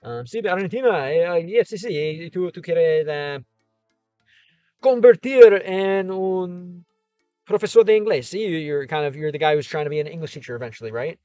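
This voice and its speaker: A man's voice: a little high, expressive, moderate pace, mellow, clear, resonant tone, no echo, highs cut off, faint music behind. A man with a Chicago Midwest accent hosting a casual livestream, reading comments in a rambling, upbeat and encouraging way with lots of fillers. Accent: Chicago, American Midwest. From American Midwest.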